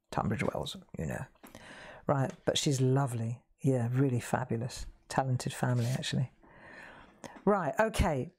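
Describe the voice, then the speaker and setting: A woman's voice: sits low, darkish tone. A woman hosting a live craft demonstration, chatty, self-deprecating and reassuring as she paints. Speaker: craft host.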